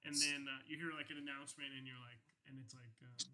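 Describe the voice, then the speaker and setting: Ein junger Mann, der als Spielleiter locker und ausschweifend eine Tischrollenspiel-Szene erzählt, mit vielen Füllwörtern und Flüchen. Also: male voice, medium pitch, level tone, quick pace, noisy background. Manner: casual, rambling with many fillers and profanity. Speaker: game master. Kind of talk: narrating a tabletop game.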